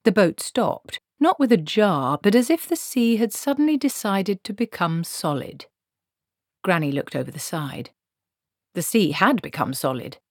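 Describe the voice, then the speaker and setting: An audiobook narrator, a woman with a medium-pitched voice, reads a scripted fantasy story in a steady, measured storytelling style. The recording is dry, with clean studio sound.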